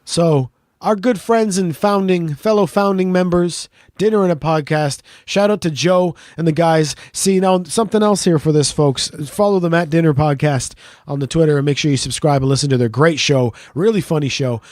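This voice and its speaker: A middle-aged man co-hosting a podcast, telling stories in animated casual banter and swearing freely. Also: on the high side, moderate pace, dry recording, studio quality. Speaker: podcast co-host.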